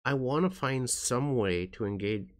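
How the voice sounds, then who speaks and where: A man vlogging to his viewers in a soft, halting way, tired and in pain. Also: medium pitch, lively intonation. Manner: soft-spoken, halting, with frequent restarts. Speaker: YouTuber. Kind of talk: casual talk to camera.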